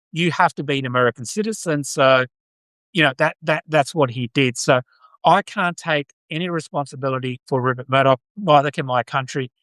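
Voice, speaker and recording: Chatty Australian man, slightly high voice. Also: sharp tone, no echo, rough recording. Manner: rambling, many fillers and restarts. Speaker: podcast host on live stream. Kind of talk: casual live-stream chat reading viewer comments.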